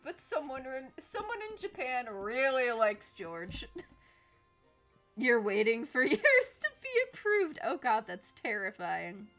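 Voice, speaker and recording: A woman's voice: mid-range voice, a bit bright. A young woman chatting casually while streaming a game, giggling often.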